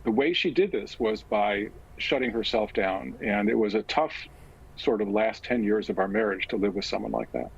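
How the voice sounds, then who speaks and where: Husky low-voiced guy, halting and thoughtful, kinda dull lo-fi sound. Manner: halting and reflective, with frequent pauses. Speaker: guest author. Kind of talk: personal interview account.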